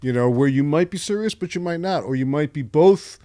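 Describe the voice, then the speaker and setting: Dry, deadpan older man in a studio. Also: on the high side, a little fast, dry recording. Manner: dry, musing, deadpan with frequent restarts. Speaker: guest. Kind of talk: casual podcast conversation. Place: podcast studio.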